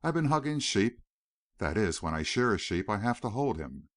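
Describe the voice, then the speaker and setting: A man's voice: fairly low pitch, very animated, normal speed, a bit bright, no room sound, clean studio sound. A male narrator voicing an earnest, wistful young veteran turned rancher in an audiobook.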